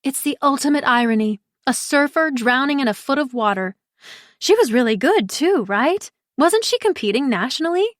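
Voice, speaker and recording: A woman's voice: sits high, expressive, slow, hardly any pauses, no room sound, studio quality, pitched above the performer's own voice. A woman narrator voicing a bold, pushy young woman friend who talks eagerly and bluntly in an audiobook. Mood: excited.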